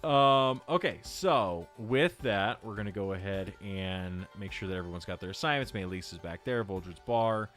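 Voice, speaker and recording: Low-voiced man running a tabletop game. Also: brisk, few pauses, a bit bright, faint music behind. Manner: rambling, full of filler and restarts. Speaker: game master.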